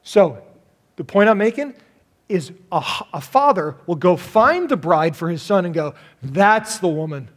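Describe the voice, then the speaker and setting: High-voiced, animated pastor preaching. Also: male voice, moderate pace. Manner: animated, jokey, acts out little voices. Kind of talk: sermon.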